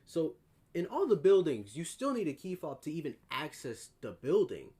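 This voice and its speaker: A man's voice: on the high side, sing-song, normal speed, warm tone. A young man co-hosting a podcast, telling a rambling, profane story in a laid-back, casual way. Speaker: podcast co-host.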